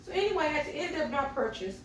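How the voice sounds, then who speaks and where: Talking fast in a high-pitched voice with big swings in pitch, a middle-aged home cooking vlogger tells her viewers a chatty story while cooking, calling them y'all. Picked up from a distance, the audio sounds roomy, and there's background noise.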